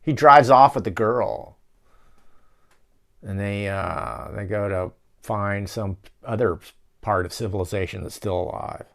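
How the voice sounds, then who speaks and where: A man's voice: fairly low pitch, a little slow, vocal fry. A man hosting a casual movie-riffing show from his office, rambling and swearing as he rants. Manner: rambling, profane, ranting. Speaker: show host.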